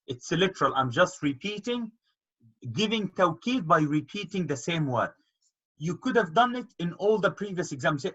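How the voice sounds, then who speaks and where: Teacher type, patient explainer, slightly high husky voice, muffled call sound. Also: male voice, a bit bright. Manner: patient, explains with repeated examples. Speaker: Arabic teacher. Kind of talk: online grammar lesson. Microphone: video call. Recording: dull lo-fi call audio.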